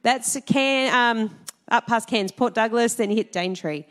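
A middle-aged Australian woman speaks to her congregation in a fairly high voice. She is chatty and playful, throwing questions at the room and laughing between stories. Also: measured pace. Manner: chatty, laughing, quizzing the audience. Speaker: Salvation Army minister. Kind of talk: church talk to a congregation.

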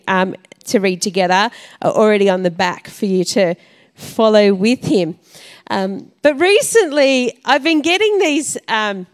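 Chatty woman with a fairly high voice. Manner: chatty, with frequent fillers and laughs. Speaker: church service leader. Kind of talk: casual storytelling to a congregation.

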